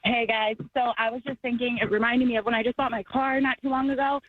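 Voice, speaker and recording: Fast-talking woman over a tinny phone line. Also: fairly high pitch, level tone, no echo. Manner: quick chatty storyteller. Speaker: caller. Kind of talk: phone-in call.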